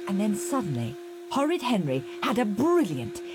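A woman reading a children's storybook aloud in an expressive, lively manner. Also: medium pitch, moderate pace, background noise. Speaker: reader.

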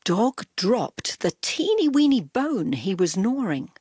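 A woman reading a children's storybook aloud in a soft, gentle voice that dips into whispers. Her pitch rolls expressively while the pace stays unhurried. The recording is close and dry. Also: very animated, slightly rough, no echo. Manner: soft, drops to whispers on tags.

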